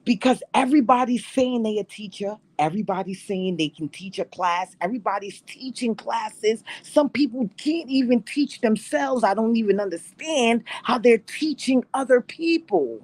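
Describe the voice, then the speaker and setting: A woman's voice: on the high side, lively intonation, moderate pace, few pauses, darkish tone. A woman hosting a podcast in blunt, slangy, casual chat. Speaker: host.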